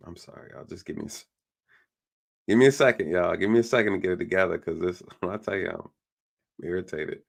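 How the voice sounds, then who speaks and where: A YouTube commentator rants to his viewers in casual online commentary, exasperated and irritated. His voice is low, fast and gravelly.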